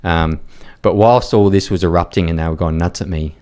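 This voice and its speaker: A man's voice: deep voice, fairly even intonation, a little fast, a little mellow. A man, a podcast guest, telling a story in a blunt, rambling way with fillers and swearing. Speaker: podcast guest, war reporter. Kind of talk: casual storytelling chat.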